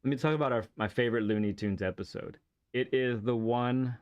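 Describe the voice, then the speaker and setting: A man livestreams a racing game, chatting casually and enthusiastically while rambling, restarting himself and laughing a lot. His voice is on the low side with a clean tone, but the recording sounds muffled.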